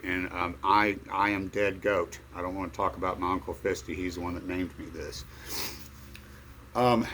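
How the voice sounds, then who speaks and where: A middle-aged man telling a rambling personal story in a halting way, full of fillers and restarts. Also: low-pitched, fairly bright tone, slight background noise. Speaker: vlogger.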